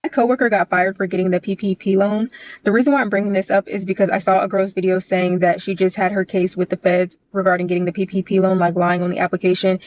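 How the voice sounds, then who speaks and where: A woman's voice: mid-range voice, flat delivery, darkish tone, no room sound, highs cut off. A woman who works in banking, telling a story about a coworker and explaining the rules step by step. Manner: fast, explanatory. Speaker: bank employee telling a story. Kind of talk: casual storytime vlog.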